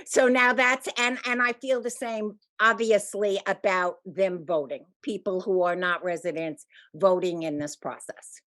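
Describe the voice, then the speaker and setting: A woman's voice: medium pitch, fairly even intonation, unhurried, few pauses, a bit bright. Hesitant but firm woman commenter. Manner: hesitant, apologetic, firm in position. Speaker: resident giving public comment. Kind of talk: public comment at a committee meeting.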